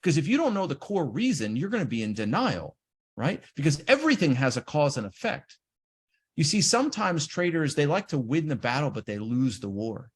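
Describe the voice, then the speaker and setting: A man giving an animated seminar talk on trading, acting out the inner voices of traders. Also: fairly high pitch, fairly quick, slightly rough. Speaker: trading educator.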